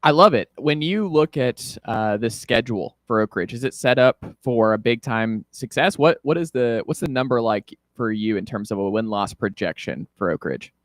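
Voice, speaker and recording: A man's voice: mid-range voice, animated, normal speed, hardly any pauses, no echo, studio quality. A man hosting a sports talk show, asking eager, upbeat questions of a guest. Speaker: show host.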